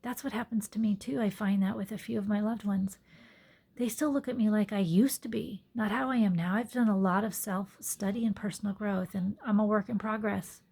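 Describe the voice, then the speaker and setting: A husky, gravelly mid-range voice with fairly even intonation belongs to a woman yoga teacher speaking fairly quickly into her phone. Her personal monologue is reflective, earnest and soft-spoken, with occasional whispers.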